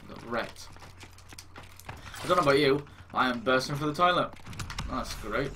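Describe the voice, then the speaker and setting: Self-mocking young gamer, swearing. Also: male voice, medium pitch, moderate pace, sharp tone. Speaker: gaming YouTuber. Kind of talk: casual gameplay commentary. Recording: game noise behind the voice.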